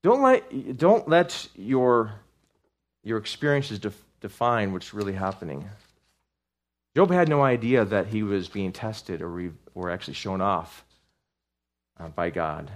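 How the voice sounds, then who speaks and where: A pastor preaches to a congregation in a lowish, animated voice at a measured pace. He talks earnestly and conversationally, with restarts and asides, then rises into fervent outbursts while reading scripture aloud.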